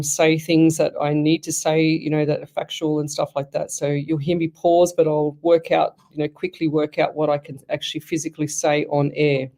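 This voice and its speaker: A woman hosting a live radio show as a psychic medium, talking in a rambling way with pauses and restarted phrases. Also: low-pitched, mellow.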